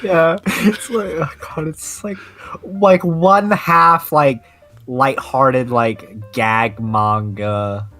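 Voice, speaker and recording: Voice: mid-range voice, steady tone, drawn-out words, bright, forceful tone, faint music behind. A podcast co-host chiming in with loose, hesitant remarks full of fillers. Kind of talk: casual chat.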